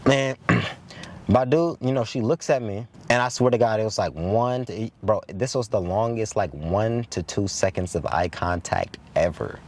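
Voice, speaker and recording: A man's voice: lowish voice, measured pace. A young man hosting his own show, telling a story in a loose, profane, casual way, with restarts and frequent "you get what I'm saying?" checks. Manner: loose, profane, with repeated filler questions; animated, stumbling restarts when excited. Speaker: host.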